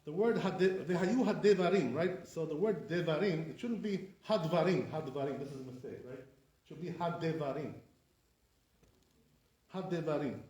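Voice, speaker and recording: A man's voice: fairly high pitch, normal speed, mellow. A man teaching as a rabbi, correcting pronunciation and drilling words with rhetorical questions. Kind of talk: classroom lesson. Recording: echoey room sound.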